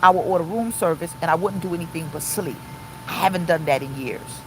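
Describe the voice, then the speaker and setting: A middle-aged woman pastor preaches live from her car, her sermon passionate, forceful, and repetitive, breaking now and then to read comments from viewers. She speaks at a fairly low pitch over some background noise.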